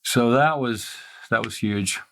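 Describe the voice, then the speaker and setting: A man's voice: medium pitch, slow, vocal fry, a bit bright, slight background noise. An older man from Mississippi with a faint Southern accent, a ski photographer telling stories in a casual interview, rambling and restarting often.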